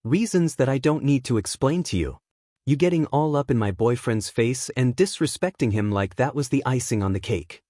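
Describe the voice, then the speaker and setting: A shy teenage boy voiced by a man sets his boundaries in a calm, firm tone. The voice is middle-pitched and recorded close and dry. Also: moderate pace, no room sound, natural voice.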